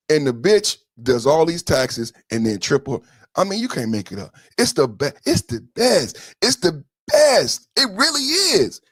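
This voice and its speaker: A man hosts a profane political livestream in a raised, husky voice. His pitch leaps all over as he mocks, shouts and sing-songs his taunts, and the sound is dry and close. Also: no echo. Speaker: podcast host.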